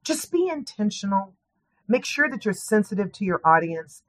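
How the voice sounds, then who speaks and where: A woman who trains professionals, giving earnest, measured advice as a guest in an interview. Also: mid-range voice, sing-song, a bit bright, no room sound.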